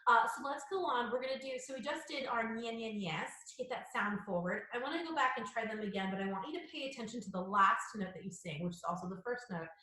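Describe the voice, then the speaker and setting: A woman's voice: a little high, expressive, quick pace, few pauses, bright, forceful tone. A woman voice teacher explaining singing technique in a chatty, explanatory way, with fillers and restarts. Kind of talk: spoken singing lesson with demonstrations. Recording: very echoey room with music.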